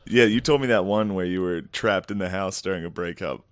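A man's voice: sits low, brisk, no room sound, studio quality. A man in casual chat, blunt and laid-back, swearing as he recounts writers' room days. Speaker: comedian guest.

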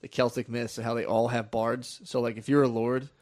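A man's voice: medium pitch, little pitch movement, normal speed, a little mellow, no room sound, clean studio sound. A young man co-hosting a podcast, chatting in loose, profane, slangy banter. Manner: laid-back, profane, slangy, puts on silly voices for quotes. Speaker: podcast co-host. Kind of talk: casual crude banter.

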